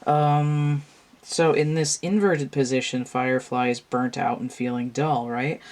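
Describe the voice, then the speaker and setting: Slow, drowsy woman musing over tarot cards. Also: a bass voice, steady tone, darkish tone. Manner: musing, meandering, thinks aloud with restarts. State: tired, yawning. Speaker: tarot reader. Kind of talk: casual card-reading monologue.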